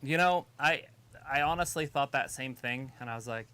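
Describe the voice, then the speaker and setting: A man's voice: medium pitch, moderate pace, bright, forceful tone, clear, resonant tone. A man co-hosting a live wrestling watch-along, chatting casually, joking and calling the action. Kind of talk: casual live commentary chat.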